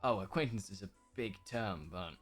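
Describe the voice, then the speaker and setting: A man playing a tabletop game, speaking in a measured, formal way. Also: on the low side, over music. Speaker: player.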